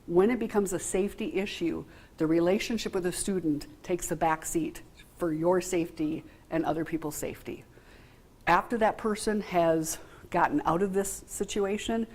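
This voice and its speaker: Frank woman trainer, lowish voice. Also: darkish tone. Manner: frank, conversational, asks the room questions. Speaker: workshop trainer. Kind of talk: informal training talk to a group.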